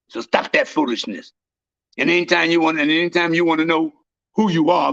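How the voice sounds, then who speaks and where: A man preaches with hammering emphasis, circling back on his points and breaking into shouts. His voice sits high and sharp with a gravelly edge. The recording is dry and dull, with a lo-fi sound. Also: no echo. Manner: emphatic, repetitive, bursts into shouting. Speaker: self-styled high priest preacher. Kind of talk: fiery street-style preaching.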